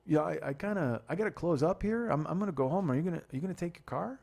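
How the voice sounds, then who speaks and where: Guy quoting a chill helpful body shop dude, quick and matter-of-fact. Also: fairly high pitch, lively intonation, vocal fry, a little mellow. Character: helpful middle-aged male body shop owner.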